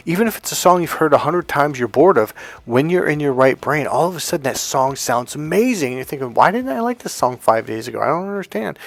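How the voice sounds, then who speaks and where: A man's voice: mid-range voice, no echo. A middle-aged man coaching in a blunt, emphatic way. He swears freely and repeats phrases for stress. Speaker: dating coach. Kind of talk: coaching talk to camera.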